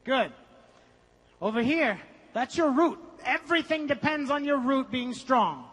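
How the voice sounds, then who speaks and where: A man's voice: very high voice, lively intonation, unhurried, a bit bright, in a large hall. A man leading a motivational seminar, coaching the audience energetically and breaking into song. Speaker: seminar speaker. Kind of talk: motivational seminar with group singing.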